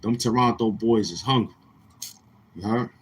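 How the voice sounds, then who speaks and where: A man's voice: on the low side, normal speed, slight background noise, low-quality recording. A man hosting a casual livestream, talking in brash, heckling, slang-heavy banter. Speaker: live-stream host.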